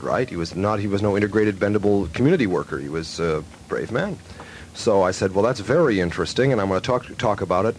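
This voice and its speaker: A man's voice: fairly low pitch, slight background noise. A man hosting a radio show, telling a long story in loose studio chat and acting out a phone call. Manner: rambling, animated storyteller who acts out phone calls.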